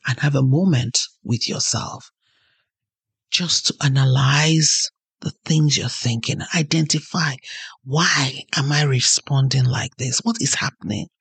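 A woman's voice: extremely low pitch, measured pace, gravelly, slightly rough, no echo. A woman hosting a podcast, giving an earnest motivational talk and telling personal stories. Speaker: podcast host.

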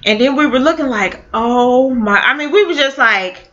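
A woman telling a personal story in a casual, halting way, with many fillers and restarts. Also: high-pitched, animated, sharp tone. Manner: halting, full of fillers and restarts, laughs now and then. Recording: dull lo-fi audio.

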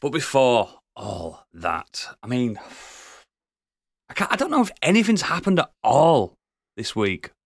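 A man's voice: mid-range voice, sing-song, measured pace, gravelly, no room sound, clean studio sound. A man hosting a podcast, introducing his co-hosts with teasing jokes in casual banter. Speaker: podcast host.

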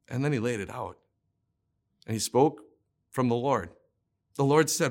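A man's voice: fairly high pitch, animated, normal speed. A man preaching a sermon in an earnest, emphatic way, often restarting his words as he pushes a point home. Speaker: pastor.

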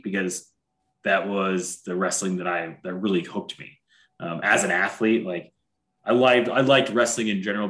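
A man's voice: deep voice, fairly bright tone. A man in his thirties, a wrestler, chatting casually and telling stories with lots of filler words. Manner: chatty storyteller, heavy on fillers like "like". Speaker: podcast co-host, wrestler. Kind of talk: casual chat.

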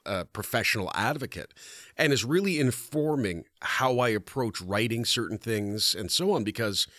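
A man interviews a guest in a bright, animated voice with lots of pitch movement. His sound is dry and close, and he fills his phrasing with casual fillers. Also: moderate pace, dry recording. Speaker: interviewer, host.

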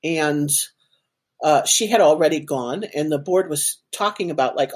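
A woman's voice: sits low, a little slow. A woman guest in an interview, telling a personal story animatedly with many fillers. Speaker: guest, organization president.

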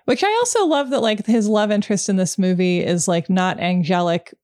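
A woman's voice: mid-range voice, brisk, a little mellow, smooth, no room sound, studio quality. A woman hosting a podcast, chatting casually and musing thoughtfully. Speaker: podcast host. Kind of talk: casual chat.

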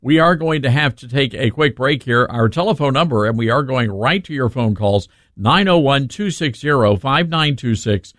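A man's voice: medium pitch, expressive, normal speed, few pauses, a bit bright, no room sound. Brash radio host guy, blunt, dry close sound, middle voice. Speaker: radio talk show host. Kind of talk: talk radio hosting.

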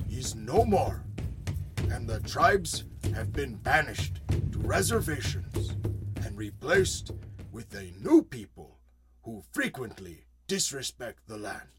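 An actor playing a solemn storyteller reciting a legend in a puppet show, with slow, grave, measured delivery. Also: male voice, medium pitch. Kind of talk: narrated puppet theater legend. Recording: music playing under the voice.

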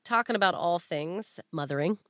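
Animated woman hosting a chatty podcast. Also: fairly low pitch, normal speed, no echo, clean studio sound. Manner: animated, jokey storytelling with playful voices. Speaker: podcast host. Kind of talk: casual chat.

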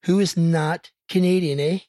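A man's voice: a little high, steady tone, moderate pace, warm tone, no echo. A man co-hosting a podcast, running a playful quiz and teasing his co-host in casual chat.

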